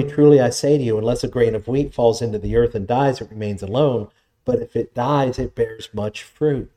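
A man's voice: medium pitch, mellow. A man preaching a sermon, reading scripture aloud and explaining it in an earnest, emphatic way.

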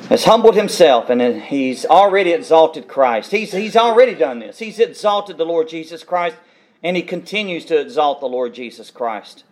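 A man's voice: a little high, expressive, moderate pace, darkish tone. A man preaching an expository sermon, reading scripture verses aloud and then explaining them with emphatic repetition.

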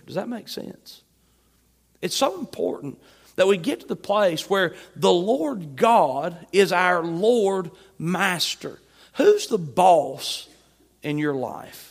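A male pastor preaching a Sunday sermon, emphatic, swinging between loud and soft. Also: high voice, sing-song, slow, gravelly. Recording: long hall reverb.

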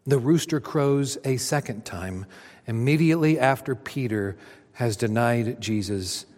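A man's voice: mid-range voice, unhurried, darkish tone, big-room sound. A man preaching a sermon as a pastor, speaking emphatically with dramatic rises and drops.

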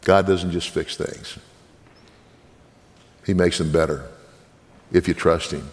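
Gravelly deep-voiced man preaching. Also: steady tone, takes it slowly, long reverb tail. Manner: earnest, preaching, direct appeals to listeners. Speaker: minister. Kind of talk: sermon testimony.

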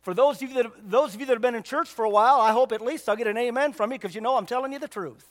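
A man's voice: very high voice, very fast, big-room sound. A man preaching a sermon in a church, folksy and emphatic, repeating his points for weight.

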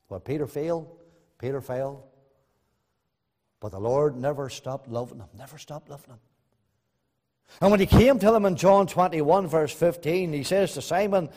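A man preaching a sermon, swinging between loud emphatic bursts and soft, hushed asides. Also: medium pitch, a little slow, long pauses. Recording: long reverb in a hall.

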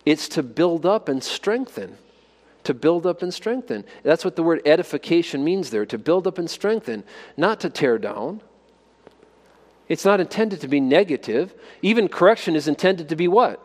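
A man's voice: fairly high pitch, lively intonation, moderate pace, a little mellow, long reverb tail. A man preaching a sermon, asking his listeners rhetorical questions and building to emphatic exhortations. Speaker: pastor.

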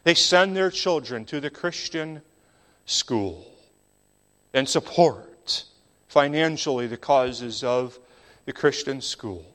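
A man delivering a sermon at a slow, deliberate pace. His preaching is measured and emphatic, rising for stress and then sinking low, almost to a whisper, on key words. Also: a bit bright.

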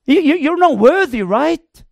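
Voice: sits high, expressive, measured pace, gravelly, dry recording, voice pushed up, full character voice. A preacher voicing the devil taunting a believer as unworthy. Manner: taunting, accusing. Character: sneering accusing devil, male.

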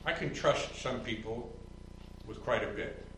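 A man preaching a sermon as pastor, building from calm reasoning to loud, rising emphasis and mimicking others in a higher voice. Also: a little slow, reverberant, distant mic, a little hiss or hum, poor audio. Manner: mocking quotes in a higher voice.

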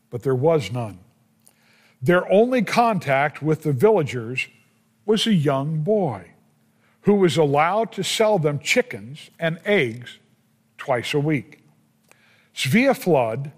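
Slow, deliberate man preaching in a hall. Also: on the high side. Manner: slow, deliberate retelling with pauses and small slips. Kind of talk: sermon storytelling. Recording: hall reverb.

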